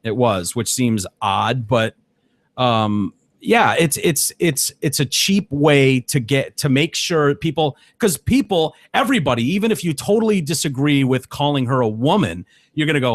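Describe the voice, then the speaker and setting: A man's voice: medium pitch, animated, normal speed, no room sound. A man co-hosting a podcast, chatting bluntly about sports and TV, often swearing and ranting. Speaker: podcast co-host. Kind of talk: casual sports chat.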